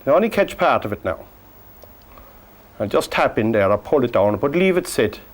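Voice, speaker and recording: A man from Cork with an Irish accent, teaching a painting lesson in a gentle, joking, soft-spoken way. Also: mid-range voice. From Ireland. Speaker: painting instructor. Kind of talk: painting lesson with chatty asides.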